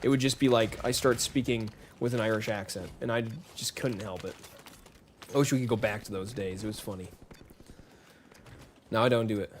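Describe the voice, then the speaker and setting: A man's voice: fairly low pitch, normal speed, pauses often, a little hiss or hum. A man live-streaming a shooter game, chatting casually with viewers and greeting them by name in a rambling, friendly way. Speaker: gaming streamer. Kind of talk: casual live-stream chat while playing.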